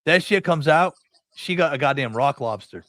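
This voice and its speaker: A man's voice: on the high side, expressive, normal speed, a bit bright, no echo. A middle-aged man from New England hosting a podcast, telling rambling, profane anecdotes and acting out the dialogue. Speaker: podcast host. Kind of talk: casual storytelling chat.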